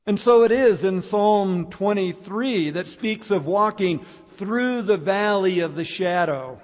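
A man preaching a sermon, slow and reflective, with dramatic pauses. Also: sits high, darkish tone. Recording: long hall reverb.

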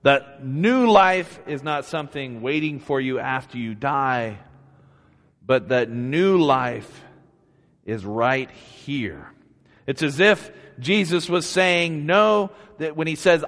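Slow, earnest preacher man in a reverberant hall. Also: a little high, fairly bright tone. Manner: slow, earnest, conversational preaching with rising emphatic peaks. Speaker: pastor. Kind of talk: sermon. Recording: long reverb of a church hall.

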